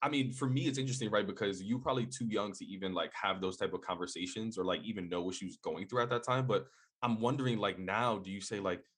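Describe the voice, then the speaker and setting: Male podcast host, deep husky voice, animated and casual. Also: fast talker. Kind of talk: conversational interview.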